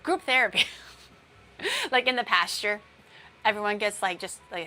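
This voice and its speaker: Bright, chatty young woman streamer. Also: mid-range voice, moderate pace, pauses often, slight background noise. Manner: chatty and rambling, with many fillers and playful tangents. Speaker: VTuber streamer. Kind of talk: casual livestream chat while baking.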